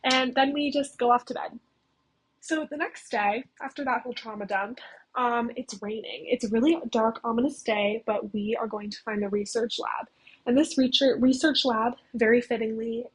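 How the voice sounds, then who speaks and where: A woman's voice: on the high side, steady tone, normal speed, husky, low-quality recording. A young woman casually recapping a story plot, chatty and full of "like". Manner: chatty, heavy use of "like". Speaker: video essayist.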